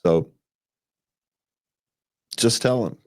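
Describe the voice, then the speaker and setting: Medium-pitched with a darkish tone, this man draws his words out. As co-host of a relationship advice show he talks casually and rambles, restarting, repeating words and chuckling often.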